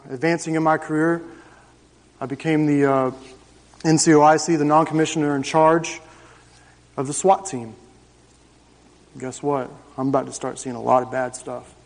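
A man in his thirties telling his personal testimony to a church congregation, in an emphatic, conversational storytelling way. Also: on the high side. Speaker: church member giving testimony. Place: church service. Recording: reverberant church hall.

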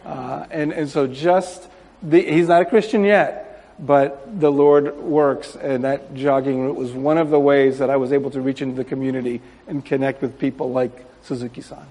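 A man's voice: on the high side, moderate pace. A missionary man speaks to a church audience in a slightly raised voice. He tells his stories in an easy, rambling way, with plenty of "uh"s along the way. His words ring out with the long reverb of a large sanctuary. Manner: relaxed storytelling with fillers.

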